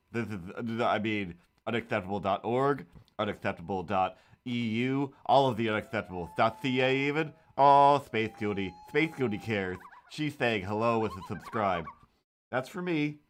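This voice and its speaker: Drawing comics on a live stream, a man chats casually into a desk microphone, rambling, joking, tripping over his words and interrupting himself. His voice is lowish and his pace moderate.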